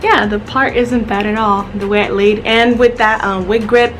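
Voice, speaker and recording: A woman giving a relaxed, chatty hair tutorial as a vlogger, with frequent filler sounds. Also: medium pitch, moderate pace, faint music behind. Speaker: beauty vlogger. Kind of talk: casual tutorial narration.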